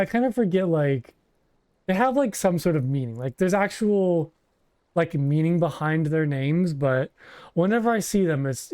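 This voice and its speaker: A man's voice: fairly high pitch, a little mellow. A man streaming a role-playing game, chatting casually and rambling with lots of fillers and restarts. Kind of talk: casual gameplay commentary, reading dialogue aloud.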